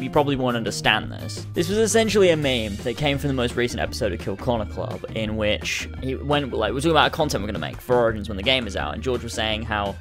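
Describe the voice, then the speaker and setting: A man's voice: mid-range voice, animated, fast, few pauses, music in the background. A man vlogging to camera in a casual rant, swearing heavily as he grows furious. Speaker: YouTuber.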